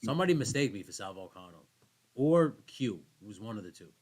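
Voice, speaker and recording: Low-voiced man rambling on a podcast. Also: big pitch swings, quick pace. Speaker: podcast co-host. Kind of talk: casual chat.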